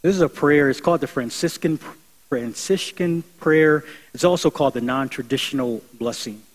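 A man's voice: fairly high pitch, moderate pace, rough recording. A young adult man preaching a sermon in an earnest, conversational way, building emphasis as he goes. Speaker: pastor.

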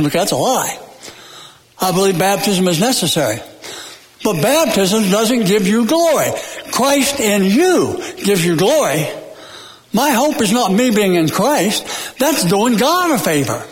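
A man preaching a sermon in a church, emphatic and folksy, repeating phrases with dramatic pauses and joking now and then. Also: high voice, expressive, a little hiss or hum. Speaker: pastor. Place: church sanctuary. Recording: long hall reverb.

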